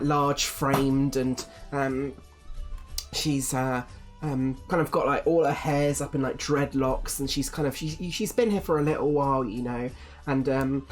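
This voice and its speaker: A woman's voice: a bass voice, a little mellow. A woman narrating as game master of a tabletop game, rambling with many fillers.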